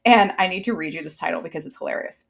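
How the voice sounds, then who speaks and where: A woman co-hosting a relaxed podcast chat, her voice on the lower side. She talks with enthusiasm and plays out short quoted lines as she goes. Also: rapid-fire, gravelly. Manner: enthusiastic, chatty, slips in quoted asides. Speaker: podcast co-host. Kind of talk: casual chat.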